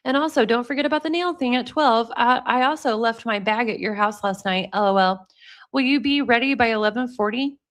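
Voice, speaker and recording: A woman's voice: a little high, fairly quick, a bit bright, natural voice. Angry teen girlfriend, accusing texts, read plainly by a woman. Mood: indignant. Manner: read aloud with little acting. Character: upset teenage girlfriend, demanding and accusing.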